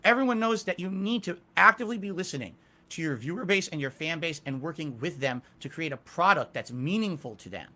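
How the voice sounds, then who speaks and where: A man's voice: a little high, lively intonation, fairly quick, bright, forceful tone. A middle-aged man answering interview questions candidly, emphatic and self-critical about his past. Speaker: interview guest.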